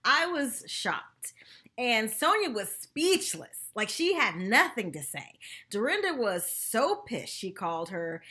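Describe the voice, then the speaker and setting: An excitable woman dishes on a reality show episode in a loose, gossipy vlog. Her voice sits a little high and sounds bright and tense. Her pitch swoops all over as she chatters. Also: slow, slightly rough. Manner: animated, chatty, says "y'all" and "like" often. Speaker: TV recap vlogger. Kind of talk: casual gossipy episode review.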